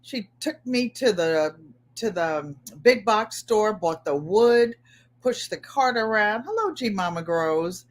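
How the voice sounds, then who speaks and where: A livestream host from Connecticut, this middle-aged woman speaks slowly in an expressive, mid-range voice. She chats casually about her week, calling out viewers by name and often saying her phrases twice.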